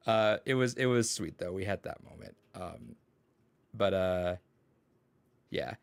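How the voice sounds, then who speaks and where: A man's voice: fairly low pitch, normal speed, long pauses, smooth, no echo. A young man chatting casually on a podcast, telling rambling stories full of swearing and quoted dialogue. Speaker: podcast co-host and teacher. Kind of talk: casual chat.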